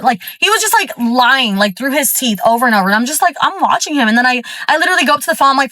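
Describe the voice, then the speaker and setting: A woman from Florida with a fairly high voice tells a story in a chatty, fired-up way, stuffing every sentence with fillers. She is recorded at a gym, and the sound is close and dry with no room echo. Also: animated, fast talker, hardly any pauses, a bit bright. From Florida, USA. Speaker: storyteller vlogger. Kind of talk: casual storytime monologue.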